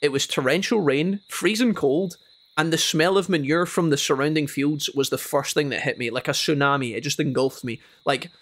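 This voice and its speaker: A Scottish man chatting casually to his viewers while playing a game, telling animated stories between moves. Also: a little high, normal speed. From Scotland. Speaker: gaming streamer. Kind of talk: casual gameplay chat with storytelling.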